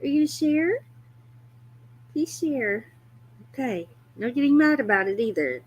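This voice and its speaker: A woman's voice: high-pitched, expressive, unhurried, slightly rough, muffled recording. A woman hosting a casual livestream, chatty and often breaking into laughter. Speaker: livestream host.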